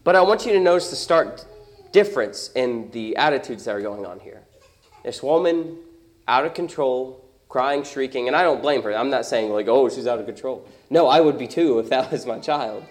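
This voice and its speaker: A man's voice: mid-range voice, expressive, normal speed. A young adult man preaching a sermon as pastor, conversational and emphatic, with many rhetorical questions.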